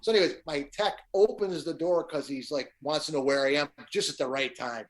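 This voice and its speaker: A man's voice: on the high side, a little fast. A middle-aged man, a guest musician, telling stage anecdotes in a casual chat and acting out the quotes. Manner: animated anecdote teller, acts out quotes.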